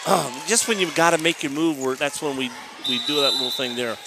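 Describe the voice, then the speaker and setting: Casual local play-by-play man, slightly high voice, rambling calls, loud gym noise underneath. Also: vocal fry. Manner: chatty, rambling, restarts sentences, calls plays quickly. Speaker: play-by-play commentator. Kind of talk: live volleyball commentary. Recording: noisy gym ambience. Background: gym noise, balls bouncing.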